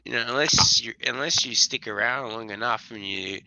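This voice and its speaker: A man's voice: medium pitch, moderate pace, gravelly, pushed and bright, dry recording. A drunk and stoned man rambling crudely and profanely in casual chat on a live stream. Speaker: stream co-host. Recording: dull lo-fi stream audio.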